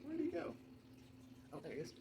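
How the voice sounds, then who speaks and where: A woman vlogger telling a long, rambling story in a casual, chatty way, with quick asides and laughter. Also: sits high, huge pitch swings, gravelly, background noise.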